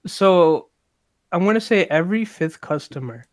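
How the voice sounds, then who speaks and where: A young man telling a work story on a podcast, animated, laughing mid-sentence and swearing freely. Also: high voice, moderate pace, no echo, clean studio sound. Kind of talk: casual chat.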